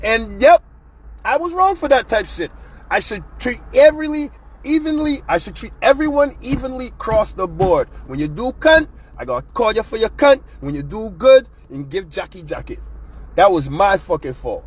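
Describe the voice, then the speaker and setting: A man's voice: high-pitched, very animated, normal speed. A man hosting his own show, ranting bluntly and profanely in a casual, fired-up monologue. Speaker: show host.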